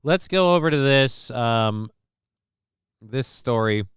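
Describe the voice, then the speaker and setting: A man's voice: medium pitch, lively intonation, slow, clean tone, no room sound, clean studio sound. A man hosting a casual livestream, joking loosely and with profanity while reading out viewer comments. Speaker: livestream show host.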